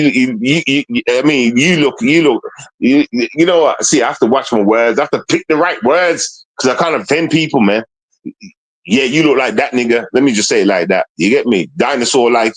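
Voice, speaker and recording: Man ranting with taunting questions. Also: medium pitch. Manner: confrontational, repetitive, taunting rhetorical questions. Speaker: streamer. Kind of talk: ranting livestream monologue.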